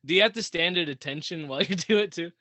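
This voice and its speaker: A man's voice: on the high side, fast talker, pushed and bright. A man hosting a podcast in casual, laid-back, profane chat. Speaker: podcast host. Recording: noisy podcast mic.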